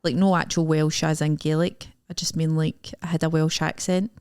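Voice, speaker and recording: A woman's voice: deep voice, level tone, normal speed, a little mellow, smooth, dry recording. Blunt Scottish woman, dry close mic. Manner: blunt, teasing, swears freely. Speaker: podcast co-host. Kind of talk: casual chat.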